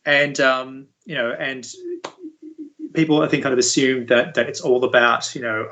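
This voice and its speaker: A man speaking as an interview guest, a university VFX lead explaining things in a relaxed, conversational way. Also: mid-range voice, normal speed, poor audio. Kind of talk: casual interview chat.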